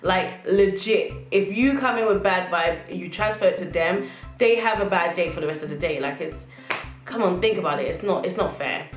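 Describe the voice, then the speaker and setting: A young woman ranting casually to camera in a sassy, animated way and acting out customers and managers as she talks. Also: fairly low pitch, moderate pace. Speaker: vlogger. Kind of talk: casual storytelling rant to camera. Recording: echoey room with faint music.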